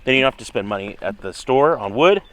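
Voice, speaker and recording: A man's voice: medium pitch, lively intonation, fast. A man vlogging about his homestead garden, chatty and playful, talking outdoors. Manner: chatty and playful, coos at animals. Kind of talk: casual family vlog.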